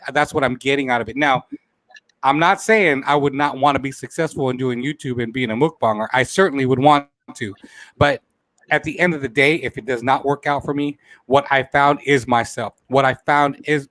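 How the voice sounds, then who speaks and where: A man's voice: mid-range voice, normal speed, fairly bright tone, no echo. Man, tearful talk show host, heartfelt, repeats himself, dry close sound. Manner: heartfelt, repeats phrases, says he is near tears. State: close to tears. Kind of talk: emotional live-stream chat.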